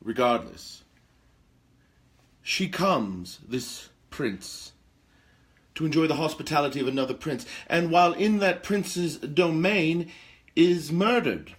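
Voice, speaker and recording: A man's voice: mid-range voice, lively intonation, measured pace, long pauses, fairly bright tone. A man playing a pompous vampire lord. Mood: gossipy. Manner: grandiloquent, dramatic emphasis, gossipy asides. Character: pompous aristocratic male vampire lord, theatrical gossip. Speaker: talk show host. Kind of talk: in-character role-play talk show.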